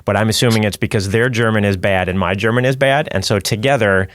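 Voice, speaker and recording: A man's voice: lowish voice, fast talker, a bit bright, dry recording, studio quality. A man hosting a podcast interview, chatty and jokey, rambling with frequent restarts. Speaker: podcast host. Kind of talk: casual interview chat.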